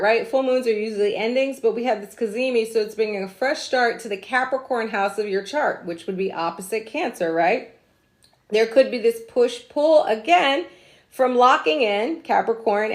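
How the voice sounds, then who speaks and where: Chatty, slangy woman astrology host. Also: on the high side. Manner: chatty, laughs and drifts off track, slangy asides. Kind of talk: casual astrology livestream talk.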